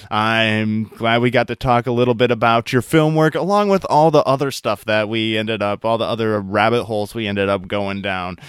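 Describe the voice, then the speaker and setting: A man hosting a podcast interview, relaxed and jokey in casual chat. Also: medium pitch, clear, resonant tone, no room sound, studio quality. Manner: relaxed, jokey, uses fillers like "like" and "you know". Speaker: podcast host.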